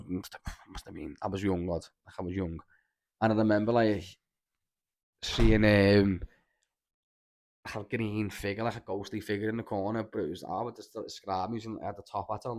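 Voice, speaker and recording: Fast-talking sweary Scouse man. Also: fairly low pitch, a little mellow. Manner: rambling, sweary storytelling with many restarts. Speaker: podcast host. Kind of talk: casual chat.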